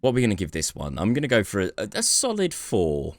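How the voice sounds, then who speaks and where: A man with a very low voice co-hosts a comedic book podcast and explains its scoring rules in a wry, jokey manner. The recording is dry and close. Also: huge pitch swings, fast, dry recording. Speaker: podcast co-host. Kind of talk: casual comedic chat.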